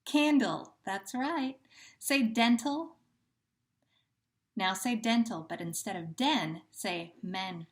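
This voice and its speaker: Slow, patient woman teacher drilling syllables. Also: mid-range voice. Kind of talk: phonemic awareness drill.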